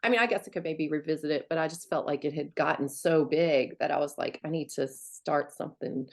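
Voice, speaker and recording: A woman's voice: low voice, brisk, creaky. A middle-aged woman author chatting casually, telling stories and acting out quoted lines with big swings in her voice. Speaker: author guest. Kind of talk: casual chat.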